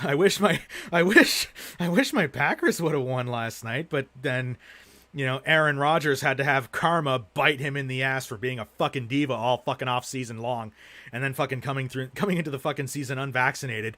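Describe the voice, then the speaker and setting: A man's voice: medium pitch, brisk, pushed and bright. Casual, profane young man streamer. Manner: profane, rambling, rants with heavy swearing. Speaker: streamer showing his film collection. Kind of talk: casual livestream chat.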